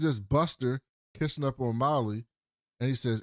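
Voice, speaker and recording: A man's voice: medium pitch, normal speed, no room sound. A man co-hosting a casual recap podcast, retelling scenes with plenty of swearing and laughter. His voice sits in a middle register. The sound is dry and close, with no room around it. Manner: profane, laughing storyteller who acts out the quotes. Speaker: podcast co-host.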